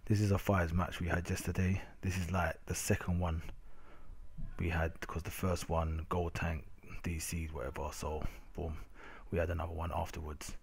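A young Londoner rants casually over his gameplay footage, packing in slang and saying "innit" again and again. His voice is low and husky with vocal fry, and he speaks at a normal speed with a flat delivery.

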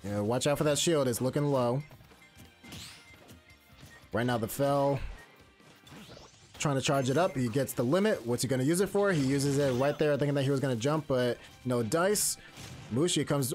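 A man giving casual, excitable play-by-play commentary on a game tournament from his home stream. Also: medium pitch, moderate pace, pauses often, soft background music. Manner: excitable, casual gamer slang. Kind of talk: live esports play-by-play commentary.

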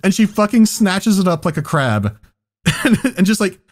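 A man's voice: high voice, sing-song, moderate pace. A man hosting a podcast, telling a story in casual chat, laughing often and swearing freely. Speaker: podcast host.

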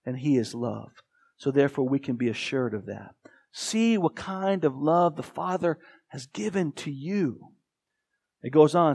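A man's voice: on the high side, lively intonation, a little slow, creaky, darkish tone, breathy edge. A man with an American accent preaching a sermon as pastor, earnest and emphatic. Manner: earnest, emphatic, with dramatic quoted voices.

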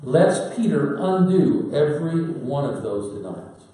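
A man preaching a sermon in a folksy storytelling manner with dramatic pauses. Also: on the high side, sing-song, warm tone. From Pacific Northwest, United States. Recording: very echoey hall, voice from far off.

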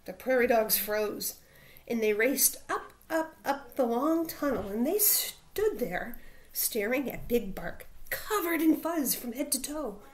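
A woman teacher reading a children's picture book aloud with playful, expressive emphasis. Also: on the high side, takes it slowly.

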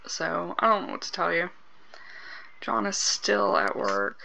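A woman's voice: fairly low pitch, very animated, unhurried, creaky, pushed and bright, a little hiss or hum, poor audio. A woman hosting a game let's play, chatting casually, swearing freely and reacting aloud to what happens on screen. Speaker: gaming channel host.

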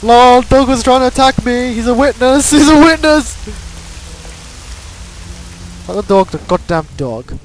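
A young man commentating a video game playthrough, excitable, laughing and swearing at what happens on screen. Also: extremely high pitch, normal speed, slight background noise, low-quality recording. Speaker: gamer commentator. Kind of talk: let's play commentary.

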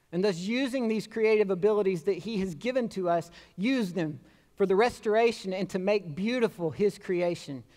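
A man's voice: high voice, darkish tone. A man preaching a sermon as pastor, conversational and lightly humorous, acting out quoted speech now and then. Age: adult with children. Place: church sanctuary. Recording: long reverb of a church sanctuary.

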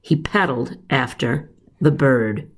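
A teacher reading a children's story aloud in an expressive, unhurried way. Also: female voice, very deep voice, slightly rough.

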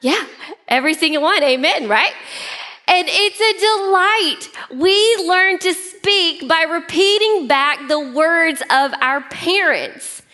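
A woman pastor preaching a sermon in an animated way, often shifting pace and pitch. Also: slow.

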